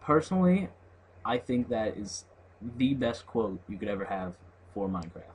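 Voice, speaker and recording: A man's voice: lowish voice, big pitch swings, normal speed, darkish tone, rough recording. A young man reading on-screen game text aloud in a loose, mumbling way, then chatting casually about the game. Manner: reads in a loose, mumbling way, skips words, laughs and swears. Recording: faint background noise.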